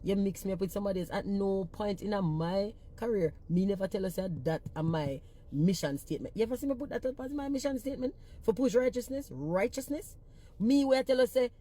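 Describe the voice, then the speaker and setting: Blunt Jamaican woman, warm low voice. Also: fairly quick. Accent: Jamaican Patois. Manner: blunt, profane, fiery, in heavy patois. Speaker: reggae singer-songwriter. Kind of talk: casual social media rant.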